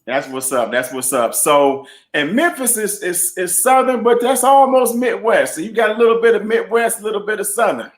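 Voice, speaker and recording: Lively Chicago man hosting, echoey room. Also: high voice, moderate pace, hardly any pauses. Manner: energetic, slangy, repeats "man". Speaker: host. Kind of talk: casual interview talk.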